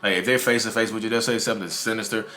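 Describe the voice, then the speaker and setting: Speaking very fast in a steady, bright, forceful voice on the low side, this YouTube host discusses narcissism casually to camera. He tends to repeat himself and talks to viewers as "y'all."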